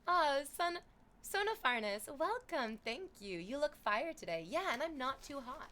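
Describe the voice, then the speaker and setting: A young adult woman livestreaming, chatting casually with viewers, thanking subscribers and reading chat messages aloud in an animated way. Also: on the high side, normal speed, a little hiss or hum.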